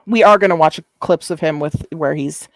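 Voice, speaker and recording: A woman's voice: low voice, moderate pace, no room sound. A woman hosting a live stream, chatting casually in a rambling, profane way with lots of fillers. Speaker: stream host. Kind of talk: casual commentary chat.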